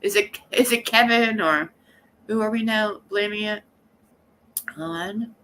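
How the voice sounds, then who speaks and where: A woman hosting a casual livestream, chatting in a rambling, blunt and animated way and greeting viewers by name. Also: medium pitch, slow, a little hiss or hum. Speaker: livestream host.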